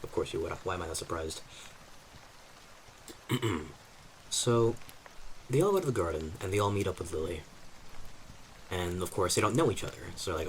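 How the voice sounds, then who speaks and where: A man's voice: low-pitched, lively intonation, moderate pace, pauses often, slight background noise, rough recording. A man streaming as a novice dungeon master, casually recapping his campaign in a chatty, self-deprecating way and talking to his chat.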